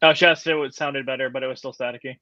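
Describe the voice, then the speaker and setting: A man's voice: mid-range voice, fairly even intonation, quick pace, bright, forceful tone, no room sound. Man with short, easygoing remarks on a muffled call. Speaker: co-host. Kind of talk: casual livestream chat. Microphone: video call. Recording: dry, muffled lo-fi call audio.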